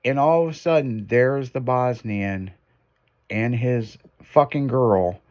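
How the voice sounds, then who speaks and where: Taking his time in a mid-range voice, this man hosting an informal conversation spins a lengthy, profanity-heavy tale. He's an animated storyteller who performs the quoted lines.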